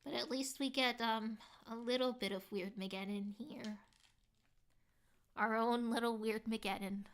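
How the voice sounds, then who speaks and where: Bright-voiced woman streamer chatting with viewers. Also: on the high side, steady tone, a little slow. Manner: reads viewer comments aloud and answers them, heavy use of "like"; earnest, heartfelt. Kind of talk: casual live-stream chat.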